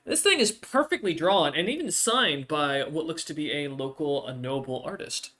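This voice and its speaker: A man's voice: a little high, lively intonation, normal speed, pushed and bright. A man running a tabletop game as game master, narrating loosely with many fillers and restarts.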